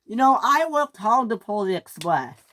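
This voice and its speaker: A kid-sounding voice doing a whiny show-off engine guy, high and squeaky, shouts a lot. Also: very animated, moderate pace. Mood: sulky. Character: boastful young male engine, hotheaded. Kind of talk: toy train fan story.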